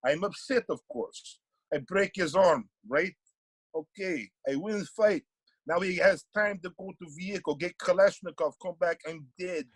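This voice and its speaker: A man putting on a gruff Russian sambo instructor. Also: high voice, measured pace, dry recording, pitched above the performer's own voice. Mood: matter-of-fact. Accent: Russian, put on. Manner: blunt, clipped broken English.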